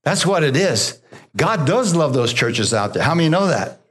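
A pastor preaching a sermon, drawing amens from the congregation and dropping to a soft, low voice when he quotes God. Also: sing-song, normal speed. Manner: call-and-response preaching, asking the congregation for amens; drops low and soft for God's voice, rises for emphasis.

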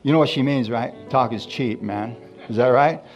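A man preaching a sermon in a church. He keeps asking the congregation for responses and drops into quiet asides between loud, emphatic points. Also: medium pitch, normal speed, lo-fi sound, soft background music. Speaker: pastor.

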